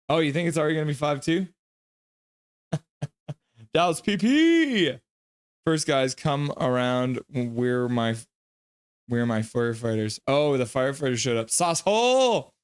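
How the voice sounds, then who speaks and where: A man hosting a live reaction stream, chatting with viewers, reading their messages aloud, joking and laughing, and breaking into excited play-by-play calls. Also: medium pitch, clean tone. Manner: reads chat aloud, jokes and laughs often; bursts into excited goal calls. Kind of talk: casual live chat with play-by-play.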